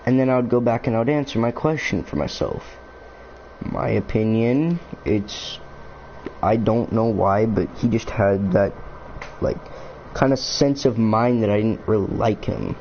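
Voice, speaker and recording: At a measured pace, a young man with a fairly low, darkish voice rambles casually to camera for his YouTube channel. His talk wanders with fillers and reflective asides, recorded on a dull lo-fi mic that carries faint noise.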